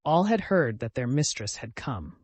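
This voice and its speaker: A man narrating a classic novel as an audiobook, calm and measured, lifting his voice for the dialogue. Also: medium pitch, slightly rough, dry recording.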